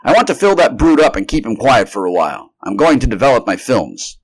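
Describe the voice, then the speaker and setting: A man reading the lines of a brisk, commanding male scientist who gives clipped, urgent orders in a storybook reading. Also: mid-range voice, big pitch swings, husky, voice pushed up.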